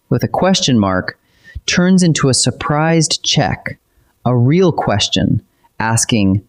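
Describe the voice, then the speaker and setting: A man narrating a scripted grammar lesson in a steady, clear, explanatory way. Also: medium pitch, slow pace. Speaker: teacher.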